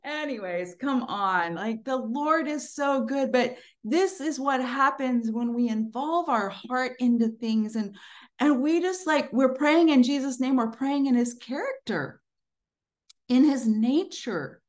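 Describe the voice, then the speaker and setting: A middle-aged woman giving a casual Christian teaching, telling stories in a lively, conversational way and laughing often. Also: high-pitched, measured pace. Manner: animated storytelling, frequent laughter; conversational, with fillers like "you know" and "like".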